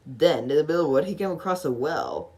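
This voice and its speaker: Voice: mid-range voice, lively intonation, fast talker, warm tone, rough recording. A reader giving a casual storybook read-along, giggling often and stumbling over words.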